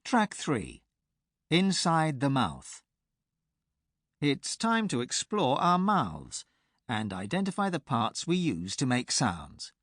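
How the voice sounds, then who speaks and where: A man presenting a pronunciation course in a clear, measured teacher's delivery, recorded close on a studio mic. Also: mid-range voice, wildly swooping pitch, a bit bright, no echo. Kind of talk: scripted instructional narration.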